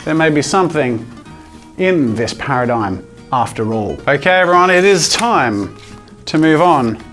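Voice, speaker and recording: A man hosting a comedic art challenge vlog, joking with viewers in a self-mocking way and now and then shouting from excitement. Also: fairly high pitch, unhurried. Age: adult. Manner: playful, self-mocking, jokey asides to viewers. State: physically tired from drawing with a long pole. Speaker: art YouTuber. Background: faint background music.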